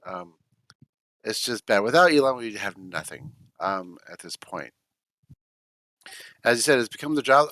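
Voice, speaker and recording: A man with a low, bright, forceful voice speaks on a podcast panel. He gives blunt, dismissive opinions in casual conversation. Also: no room sound. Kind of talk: casual chat.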